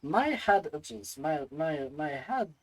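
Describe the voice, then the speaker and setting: A woman's voice: sits low, very animated, slow pace, a little mellow, low-quality recording. A woman streaming a video game, chatting casually and playfully with viewers in a self-mocking way.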